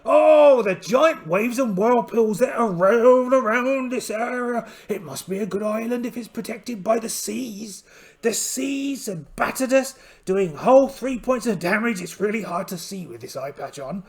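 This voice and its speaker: A man performs a one-eyed pirate captain who is cheerful and blustering, using a gravelly, high-pitched, exaggerated voice to narrate a solo tabletop voyage. He exclaims theatrically, his pitch swooping widely between phrases, animated yet a little slow, and the feel is dramatic.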